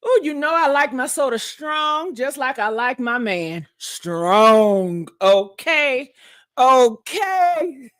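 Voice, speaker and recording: Sassy high-voiced woman. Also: expressive, takes it slowly, a bit bright, no room sound, studio quality. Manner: sassy, laughs often, drawls words out. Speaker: host. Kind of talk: casual live-stream chat.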